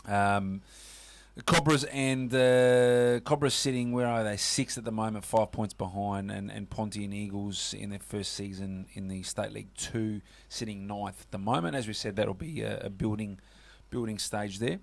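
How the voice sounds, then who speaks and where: A man's voice: fairly low pitch, fairly even intonation, normal speed, gravelly. A man with an Australian accent hosting a casual sports radio show, chatty and full of fillers. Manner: chatty, lots of fillers and "mate".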